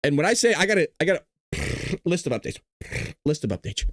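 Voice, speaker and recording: The man hosting this casual news commentary stream speaks fairly quickly in a sing-song, high-ish voice with a fairly bright tone. The studio recording is clean with no room sound, and he swears, jokes, giggles often, and sounds tired from being up late.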